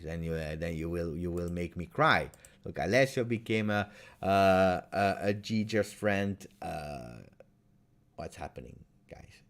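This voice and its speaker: Man, fan channel host, deepish voice, excitable, halting, repeats himself. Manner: excitable, repeats himself, bursts into loud laughing shouts; halting, many fillers. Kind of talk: live-stream chat.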